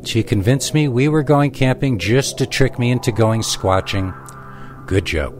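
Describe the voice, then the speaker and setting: A man narrating a first-person horror story in a lively storytelling manner. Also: medium pitch, a little slow, faint music behind. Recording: constant background noise.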